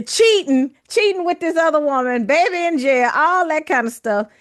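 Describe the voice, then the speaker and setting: A woman's voice: high voice, animated, slow pace, no room sound, clean studio sound. A woman hosting a podcast interview, reacting often with affirming murmurs and summing up her guest's story. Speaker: podcast host. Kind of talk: interview chat.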